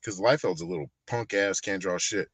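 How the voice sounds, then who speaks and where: A man, high and ranting with heavy profanity in a casual livestream about collectibles and prices. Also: moderate pace, fairly bright tone, husky, dry recording. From Texas. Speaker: collectibles channel host.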